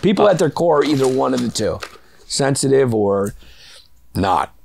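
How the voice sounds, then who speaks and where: A man's voice: medium pitch, very animated, normal speed, vocal fry, a little mellow, a little hiss or hum. A man from Brooklyn, telling rambling, profane stories as a comedian guest in a casual interview. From Brooklyn, New York. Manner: rambling, profane, laughs through his stories.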